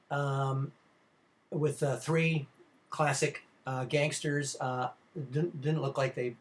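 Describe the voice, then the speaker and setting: A middle-aged man giving a recorded film lecture to students, rambling and informal, with many fillers and restarts. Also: medium pitch. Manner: informal, addresses students directly.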